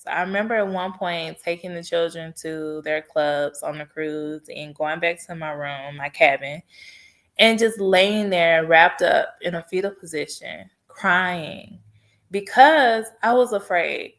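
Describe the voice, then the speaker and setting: A woman's voice: fairly low pitch, measured pace, a bit bright. A woman podcast host telling a personal story in an earnest, heartfelt way and offering faith-based encouragement. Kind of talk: personal testimony monologue.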